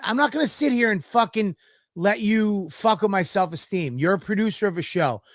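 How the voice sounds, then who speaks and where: A man with a high, animated voice speaks at a moderate pace in studio-quality audio with no echo. Co-hosting a podcast in a casual chat, he tells a story in a profane, ranting way.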